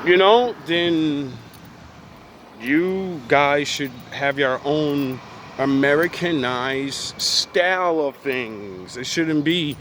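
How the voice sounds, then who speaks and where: A man's voice: a little high, slow, a bit bright, a little hiss or hum. An American man in a blunt, profane ranting commentary who hammers his points with repetition. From United States. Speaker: vlogger.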